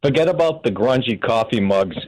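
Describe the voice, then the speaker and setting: A radio caller from New Hampshire with a mid-pitched, ordinary male voice. He tells his story in a chatty, rambling way with the odd chuckle. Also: animated, fairly quick, darkish tone, rough recording. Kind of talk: phone-in caller telling a story.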